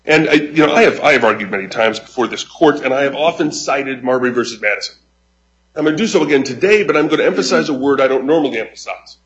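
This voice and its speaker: A man makes a formal courtroom argument at a mid pitch, deliberate and measured, often restarting his sentences. The audio is dull and lo-fi, like a courtroom feed. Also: fairly bright tone. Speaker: attorney arguing an appeal.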